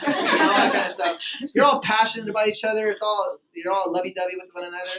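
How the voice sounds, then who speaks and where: A man leads a motivational sales training, lively and acting out little phone dialogues. His voice sits high, and it comes from across a reverberant meeting room on a dull, muffled recording. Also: quick pace, noisy background. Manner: energetic, acts out phone calls and dialogues. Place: meeting room with a live group. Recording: echoey room, far from mic, dull sound.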